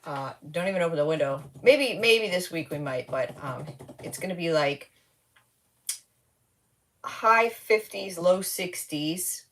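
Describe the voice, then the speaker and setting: A woman with a somewhat low voice hosts a relaxed live stream. She sounds tired and slap-happy and rambles from one thought to the next. She keeps greeting viewers by name. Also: measured pace. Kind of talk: casual live stream chat.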